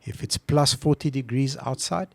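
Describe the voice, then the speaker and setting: A man's voice: medium pitch, normal speed, creaky, no echo. A man co-hosting a casual podcast who tells stories with animation and acts out his phone calls. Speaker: podcast co-host. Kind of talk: casual chat.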